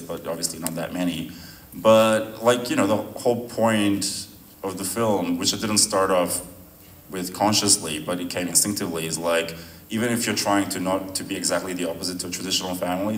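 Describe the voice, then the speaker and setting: A man, a filmmaker, answering audience questions after a screening in a relaxed, rambling way with frequent laughs. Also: low-pitched. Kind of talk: post-screening Q&A. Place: venue hall at a screening. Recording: roomy sound from a distant mic, faint noise.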